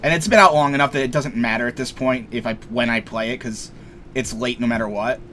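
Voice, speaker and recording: A man's voice: mid-range voice, fast talker, fairly bright tone, a little hiss or hum. A young man casually commenting on a game he plays, rambling, joking and swearing freely. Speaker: let's play streamer.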